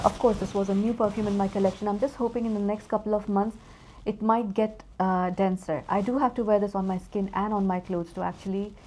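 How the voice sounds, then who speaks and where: A woman's voice: medium pitch, warm tone, slight background noise. A woman chatting casually through a perfume review, rambling and easily distracted.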